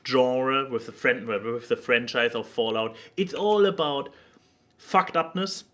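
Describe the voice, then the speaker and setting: A man co-hosting a casual podcast, talking haltingly with lots of pauses and restarts. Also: medium pitch, a bit bright. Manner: halting, many fillers and restarts. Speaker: podcast co-host.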